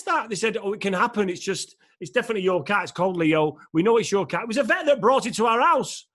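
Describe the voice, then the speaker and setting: A man with a fairly high voice chats on a podcast. He tells his story in an animated, laughing way and swears freely. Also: fast talker. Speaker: podcast co-host. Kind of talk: casual chat, storytelling.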